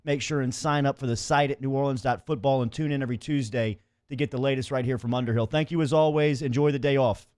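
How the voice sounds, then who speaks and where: A man's voice: mid-range voice, steady tone, fast talker, darkish tone, no echo. Upbeat male radio host, dry studio sound. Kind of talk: radio hosting with sponsor reads.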